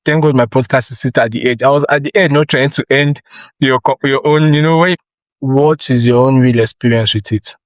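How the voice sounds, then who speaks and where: A young man with a Nigerian accent hosting a podcast, asking rambling, animated questions with frequent restarts. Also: medium pitch, a little fast, dry recording, poor audio. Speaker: podcast host. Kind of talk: casual interview chat.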